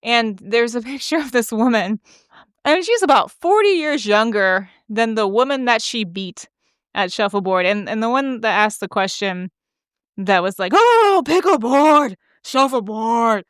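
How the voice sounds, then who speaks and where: A woman's voice: fairly high pitch, expressive, normal speed, a bit bright, smooth, dry recording. Chatty woman podcast host, dry close mic. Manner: chatty, gossipy, laughing, full of likes. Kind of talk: casual storytelling monologue.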